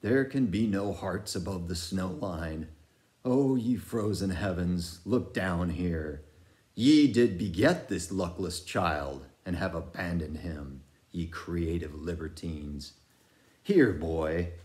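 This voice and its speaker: An obsessed old sea captain in an audiobook, declaiming in archaic phrases with a slow, deliberate delivery, as a man acts him out. His low voice rises and falls widely. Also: expressive, a little mellow. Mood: brooding.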